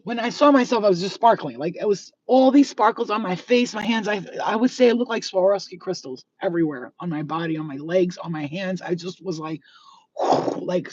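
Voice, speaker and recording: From inside a car, a spiritual vlogger with a lowish, slightly mellow, somewhat rough voice tells a story on a casual live stream. She's chatty and profane, using many fillers, and the phone audio is distant, dull, and lo-fi.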